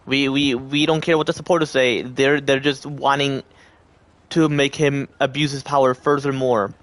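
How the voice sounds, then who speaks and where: A male livestreamer talks to his chat at a middle pitch. He rambles loosely from thought to thought and slips into little put-on voices to act out what others might say. The delivery is casual and unscripted. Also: level tone, normal speed, fairly bright tone, dry recording. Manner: acts out quoted voices.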